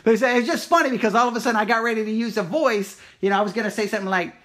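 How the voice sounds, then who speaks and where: Racing along in a high voice, a man from Texas, USA, holds forth on the Christian talk show he hosts. His casual monologue is animated and loose, full of fillers and restarted sentences as he works his way through each point.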